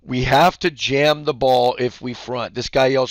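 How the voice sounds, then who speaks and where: A man coaching basketball, explaining defense casually and acting out the calls he yells courtside. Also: mid-range voice, fairly even intonation, a little slow, no room sound, studio quality. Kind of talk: instructional talk.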